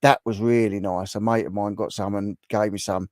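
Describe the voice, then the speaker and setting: A man's voice: lowish voice, little pitch movement, normal speed, dry recording, studio quality. Chatty man hosting a live chat. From England. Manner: chatty, reacting to viewer comments. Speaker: livestream host.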